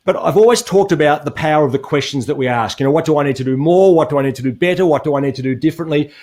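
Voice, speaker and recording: A man's voice: fairly high pitch, very fast, a little mellow. A man, a motivational speaker who talks earnestly in a webinar and poses rhetorical questions. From Australia. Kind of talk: webinar conversation.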